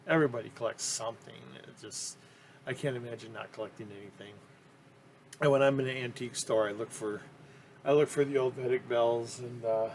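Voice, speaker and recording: A man's voice: mid-range voice, slight background noise. A man talking casually about his collecting, rambling and enthusiastic, with frequent ums and restarts. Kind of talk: casual interview talk.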